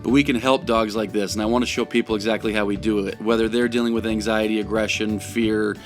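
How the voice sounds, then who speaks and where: A man working as a dog trainer, explaining his training method in an energetic, chatty way with plenty of fillers. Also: fairly low pitch, fast talker. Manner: energetic and explanatory, lots of "you know" and "like". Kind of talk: instructional walkthrough. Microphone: camera following him while he works. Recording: distant mic with music behind.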